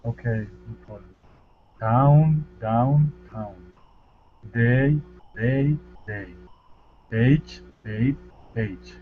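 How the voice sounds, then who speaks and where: Slow, careful man on a call. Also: mid-range voice. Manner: slow, careful word reading. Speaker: student. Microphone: video call. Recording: muffled lo-fi call audio.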